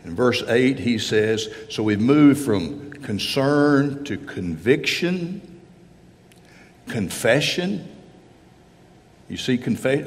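An earnest male pastor preaching from the pulpit, his voice carrying with a long hall reverb. He speaks at a middle pitch and slips into first-person prayers to make his point. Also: very animated, takes it slowly. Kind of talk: sermon. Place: church sanctuary.

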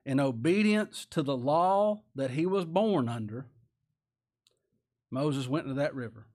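A man preaching a sermon in a folksy style, with rhetorical tag questions, swinging from loud to hushed. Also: fairly high pitch, expressive, measured pace. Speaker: pastor.

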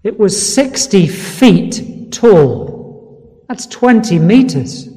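High-voiced man preaching in a reverberant hall. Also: sing-song, extremely slow, dark tone. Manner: emphatic, with rhetorical questions to the congregation. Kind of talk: sermon.

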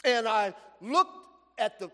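Man, preacher, sermon, very high pitch, long reverb from a large hall, emphatic storytelling. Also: slow. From Los Angeles, USA. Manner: animated storytelling preaching, stretched emphatic phrases.

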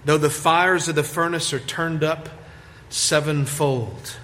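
Male pastor, fairly high voice, slow and deliberate preaching, long church reverb. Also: fairly bright tone. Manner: measured preaching, stretching key words, rising for emphasis. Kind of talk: sermon. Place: church sanctuary.

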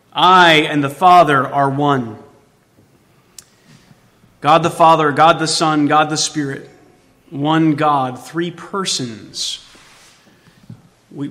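With a long reverb tail behind him, a man preaching as pastor moves between quiet, hushed passages and loud emphasis, questioning the congregation rhetorically. His voice sits on the high side.

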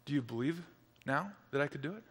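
A man voicing a calm, daring male tightrope walker, speaking low and deliberately. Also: breathy edge, in a large hall. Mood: quiet challenge.

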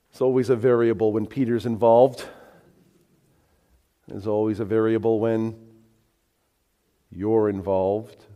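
A male pastor preaching a sermon in an animated, emphatic way that moves between soft and loud. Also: on the low side, takes it slowly, long pauses, long reverb tail, highs cut off. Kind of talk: expository sermon.

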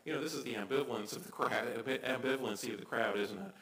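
A man preaching a sermon as pastor, swinging from hushed asides to loud, excited cries. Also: mid-range voice, fast talker, roomy sound, rough recording.

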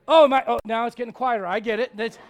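A male pastor preaching a blunt, confrontational sermon, swinging from loud outbursts to hushed intensity. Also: extremely high pitch, steady tone, fast.

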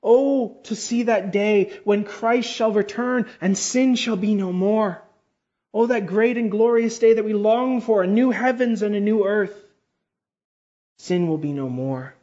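A fervent male preacher with a high voice, rising to loud exclamations and then dropping into hushed, slow passages. He stretches out important words for emphasis. The recording sounds dull and lo-fi. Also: steady tone. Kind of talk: sermon.

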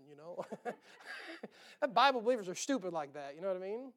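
A male pastor preaching with a high-pitched, clear and resonant voice. He keeps things folksy and joking, chuckling between points and firing rhetorical questions at his listeners. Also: brisk, pauses often, a bit bright. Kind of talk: sermon.

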